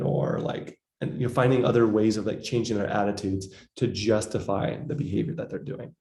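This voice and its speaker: A man's voice: fairly low pitch, fairly quick, hardly any pauses, dark tone, reverberant. A man giving a casual psychology lecture, full of fillers, acting out quoted voices. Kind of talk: recorded lecture.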